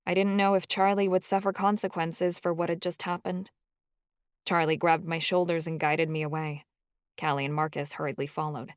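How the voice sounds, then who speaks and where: A woman with a fairly low voice narrates a first-person novel in an even, measured way. The recording is close and dry, with no room sound. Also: smooth, no room sound. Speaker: audiobook narrator.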